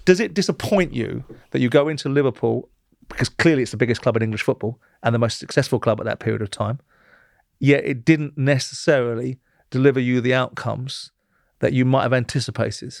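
A man's voice: mid-range voice, a little fast, vocal fry, dry recording, studio quality. A man hosting an interview, blunt and challenging, cutting in with pointed questions. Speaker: interview host. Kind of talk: confrontational interview.

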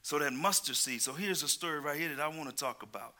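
A male preacher in full sermon, his voice bright, sharp and pressing forward. He calls out to the people in front of him and moves between loud exclamations and low, quick asides. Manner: calls out to the congregation.

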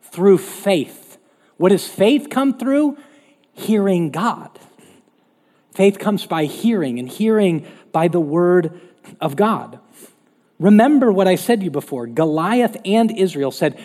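A little slowly, a male pastor delivers an animated, conversational sermon. His husky, mellow voice is somewhat high and swings widely, while a long hall reverb trails behind it.

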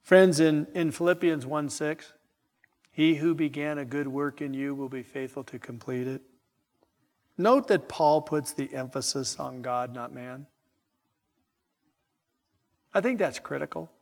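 Slow emphatic preacher in a reverberant hall. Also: male voice, fairly high pitch, a little mellow. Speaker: pastor. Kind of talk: sermon.

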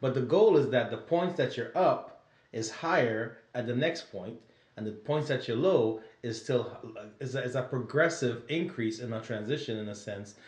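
A man co-hosts a casual Bible study talk, at a middle pitch and in an easy conversational way. He keeps checking in with the other person as he explains. His voice carries a roomy echo. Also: moderate pace, darkish tone. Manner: conversational, often checking with "right?". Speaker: podcast co-host.

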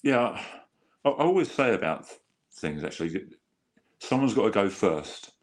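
A man's voice: fairly low pitch, very animated, moderate pace. A man telling his story as a guest in an earnest, rambling way, often restarting sentences and acting out quotes. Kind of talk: candid conversational storytelling.

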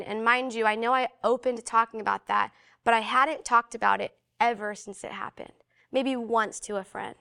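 Animated young woman telling a personal story. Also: fairly high pitch, smooth. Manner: animated, fillers of "like", acts out quoted voices. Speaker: guest sharing a personal testimony. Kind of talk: casual storytelling.

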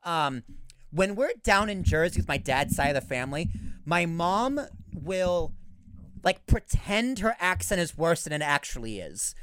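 A man's voice: a little high, a little slow, clear, resonant tone. A young man hosting a podcast, chatting casually and telling jokes. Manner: joking, animated storytelling. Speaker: podcast host.

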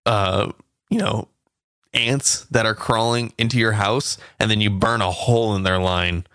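A man's voice: on the low side, steady tone, measured pace, a bit bright, dry recording, clean studio sound. A man co-hosting a casual podcast, playful and jokey, often cutting in with gags. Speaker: podcast co-host. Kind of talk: casual chat.

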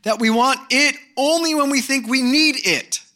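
A middle-aged male pastor preaching a sermon, candid and animated, breaking into mock voices and shouted bursts. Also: very high voice, normal speed.

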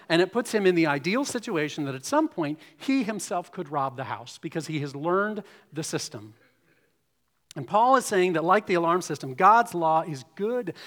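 A man preaching a sermon, explaining scripture and reading passages aloud to his congregation. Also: fairly high pitch. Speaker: pastor. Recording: long reverb of a hall.

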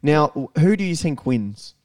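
An Australian man co-hosting a podcast, talking sport in a blunt, excitable way and swearing freely. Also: on the high side, a little slow, no echo, studio quality, distant mic. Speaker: podcast co-host. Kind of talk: casual chat.

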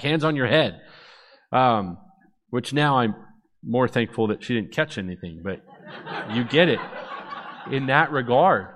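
Animated man telling his testimony. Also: medium pitch. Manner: animated storyteller acting out dialogue. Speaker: speaker giving testimony. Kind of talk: personal testimony talk.

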